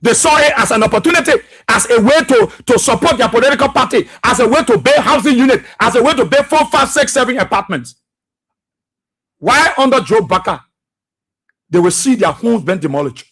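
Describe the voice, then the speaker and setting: Husky high-voiced male commentator. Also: lively intonation, brisk, fairly bright tone. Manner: emphatic and repetitive, preachy. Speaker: radio talk show host. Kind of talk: political radio commentary.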